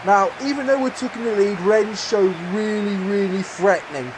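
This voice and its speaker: A young man commentating his own football video game match, with outbursts of excitement whenever goals come. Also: high voice, moderate pace, noisy background. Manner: shouts in bursts at goals, mock-commentator tone. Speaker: gaming YouTuber.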